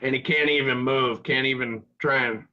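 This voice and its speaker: A man's voice: mid-range voice, steady tone, normal speed, dull audio. A man hosting a live web show in casual chat, rambling and joking with crude humor. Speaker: show host.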